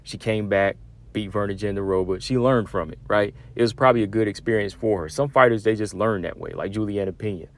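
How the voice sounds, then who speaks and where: A man's voice: fairly low pitch, brisk. A man hosting a solo fight-talk show, casual and conversational, full of asides and fillers. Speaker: MMA commentary host.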